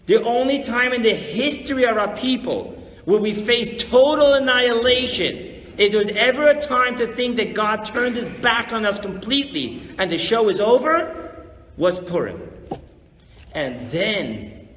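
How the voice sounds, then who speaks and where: A man, a rabbi, teaching a live weekly religious class, animated and full of rhetorical questions, acting out grumbling voices. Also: high voice, a little slow. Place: lecture room before a live audience. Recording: echoey hall with long reverb, faint noise.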